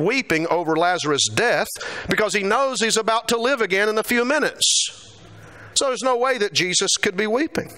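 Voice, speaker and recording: A man delivers a sermon in a church with a lively, bright voice. He swings through a wide pitch range and leans into quoted lines with dramatic emphasis. His tone is a little higher than most men's. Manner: animated, acts out quotes with rising pitch. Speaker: preacher.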